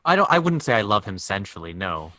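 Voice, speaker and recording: Man, podcast co-host, wry jokes, bright tone, dry close sound. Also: lowish voice, very animated, fast, no echo. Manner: wry, jokey commentary. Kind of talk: casual podcast chat.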